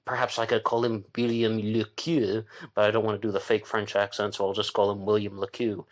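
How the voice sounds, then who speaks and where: A man hosting a casual true-crime talk, thinking aloud with fillers and restarts as he goes. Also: lowish voice. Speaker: podcast host.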